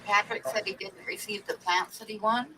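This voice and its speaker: A woman's voice: medium pitch, steady tone, normal speed, distant mic, noisy background. A woman hosting a livestream in casual chat, reading out viewer comments and telling jokes. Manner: chatty, tells jokes with a put-on pirate growl. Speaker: livestream host.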